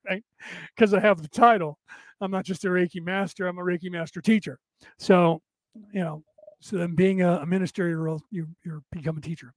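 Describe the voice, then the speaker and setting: A man's voice: fairly high pitch, a little mellow, no echo. A man hosting a casual solo livestream, talking in a rambling way with many fillers and restarts. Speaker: host.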